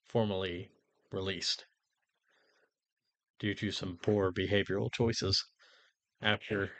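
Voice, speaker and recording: Lowish-voiced man explaining things. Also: fairly even intonation, takes it slowly, a bit bright, dry recording. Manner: explains at length with fillers and restarts. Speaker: podcast co-host. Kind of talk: casual chat, explaining.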